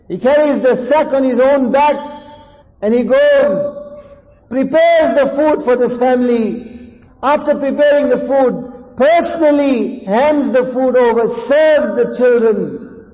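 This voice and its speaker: A man's voice: extremely high pitch, slow, dark tone, highs cut off. Male preacher, fervent sermon storyteller, long hall reverb on the voice. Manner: fervent, repeats lines for emphasis.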